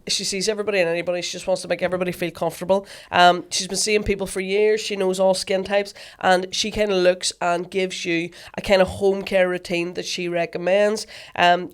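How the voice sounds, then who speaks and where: Northern irish woman yakking on a podcast, lower voice, bit of a cough, lots of ums. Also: smooth. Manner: chatty storyteller, lots of fillers and laughter. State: coughing with a chest infection. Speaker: podcast co-host. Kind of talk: casual chat.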